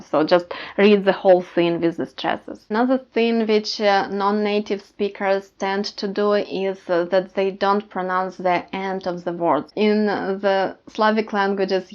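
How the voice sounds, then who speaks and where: Woman teaching, flat low voice. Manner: explanatory, many hesitations with uh. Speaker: language teacher. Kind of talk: casual language lesson. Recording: slightly dull lo-fi audio.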